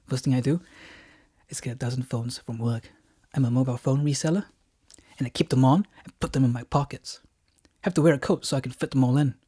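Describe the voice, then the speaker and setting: A man with a New Zealand accent performing a comic theatrical monologue, deadpan, swinging between hushed asides and outbursts. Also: medium pitch, slightly rough.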